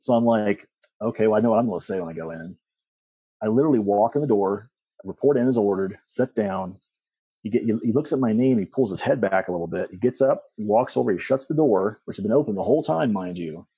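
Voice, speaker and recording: A man's voice: lowish voice, fast, mellow, slightly rough, dry recording. A middle-aged man telling personal stories as a guest, rambling with restarts and asides. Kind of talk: personal storytelling in conversation.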